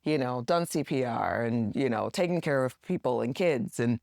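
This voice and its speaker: A middle-aged woman telling stories as a podcast guest, acting out quoted lines with lively rises in pitch. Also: moderate pace, gravelly, no echo, clean studio sound. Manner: animated, acts out quotes with rising pitch. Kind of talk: casual storytelling interview.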